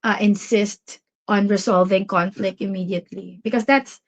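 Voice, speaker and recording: A woman's voice: mid-range voice, fairly even intonation, normal speed. A woman from the Philippines with a Filipino accent, co-hosting a live Q&A stream and speaking thoughtfully, sometimes searching for words. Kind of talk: casual live-stream chat. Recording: dull lo-fi stream audio.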